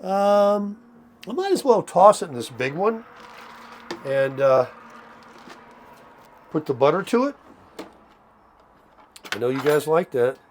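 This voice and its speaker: A man's voice: on the high side, big pitch swings, takes it slowly, pauses often, slight background noise. An older man chatting casually while cooking at his RV, folksy and a little out of breath. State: tired, short of breath. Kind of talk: casual vlog chat to camera. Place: RV park, indoors and out.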